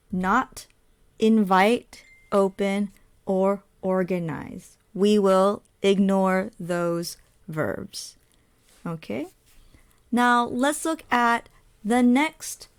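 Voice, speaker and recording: Woman ESL teacher, very slow measured delivery, mid pitch, step-by-step explainer. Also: clean tone. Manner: spells out letters, asks and answers her own questions.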